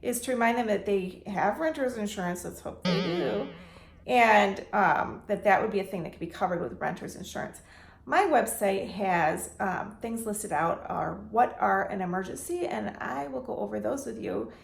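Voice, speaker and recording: A woman from the Detroit area giving casual advice as a landlord vlogger, chatty and animated, acting out phone calls in quoted voices. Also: mid-range voice, moderate pace, vocal fry. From Detroit area, United States. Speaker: landlord and real estate investor vlogger. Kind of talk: casual talking-head advice vlog. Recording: echoey room.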